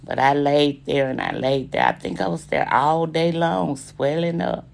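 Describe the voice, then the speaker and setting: Speaking low and unhurried with a gravelly texture, a woman tells her viewers on a live stream how she survived. She holds back tears as the emotion shows, and she calls her audience "y'all" and "babies."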